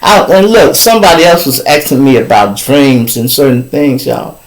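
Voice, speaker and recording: A man hosting his show, telling a story in a casual, animated, profane way and laughing between lines. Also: medium pitch, normal speed, rough recording. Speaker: show host.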